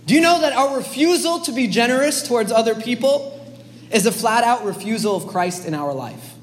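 High-voiced man preaching in a reverberant hall. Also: expressive, fairly quick. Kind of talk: sermon. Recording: long hall reverb, faint background noise.

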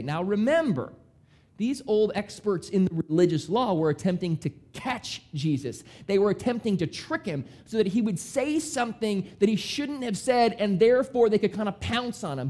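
A male pastor with a high, light voice delivers a sermon. He talks in a casual, animated way and keeps the congregation hooked as he acts out the lines of the story. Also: normal speed. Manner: animated, conversational preaching with dramatic voiced quotes.

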